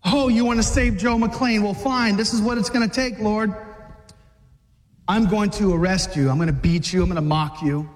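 A man's voice: high voice, normal speed, close to an everyday voice. Man doing a devil tempter, hissing whisper, sneering threats, lingering hall echo. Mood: sneering menace. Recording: long hall reverb.

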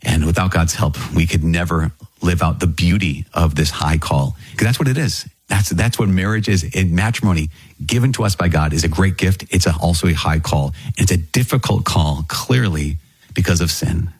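A priest with a very low, husky voice, teaching in an earnest, prayerful way. He doubles back on his phrases to stress them. The sound is close and dry. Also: moderate pace, dry recording. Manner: earnest, repeats phrases for emphasis. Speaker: priest and podcast host. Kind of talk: catechism teaching talk.

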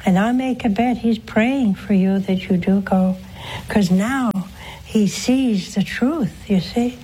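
A nun hosts a call-in show, preaching and responding to callers slowly and earnestly, her pitch swooping upward for emphasis. Her voice is dark and husky, and the recording quality is low.

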